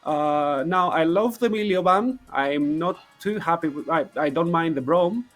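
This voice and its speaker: A man's voice: on the high side, measured pace, fairly bright tone, faint music behind. A man giving live esports analysis, starting sentences over and slipping in wry jokes.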